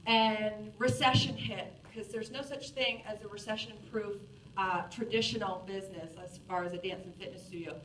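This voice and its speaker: A woman in her forties telling a self-mocking story to an audience in a lively, animated way. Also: mid-range voice, moderate pace, a little hiss or hum. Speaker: speaker. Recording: roomy, distant from the mic.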